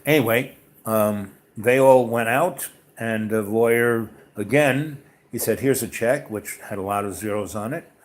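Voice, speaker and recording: A man's voice: fairly low pitch, a little slow. A man hosting a podcast, telling a personal story in a casual, rambling way full of fillers and restarts. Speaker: podcast host.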